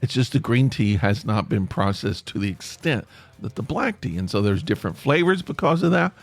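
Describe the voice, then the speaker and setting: A man's voice: mid-range voice, dry recording. A man hosting a podcast, rambling on in a chatty way with playful asides. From United States. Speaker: podcast host. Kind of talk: casual solo podcast monologue.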